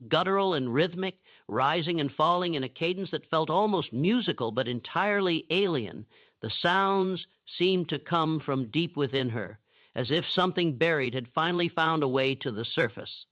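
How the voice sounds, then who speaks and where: Male narrator, solemn and measured storytelling, fairly high voice, dull dry recording. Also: a bit bright, dry recording. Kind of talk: scripted historical narration.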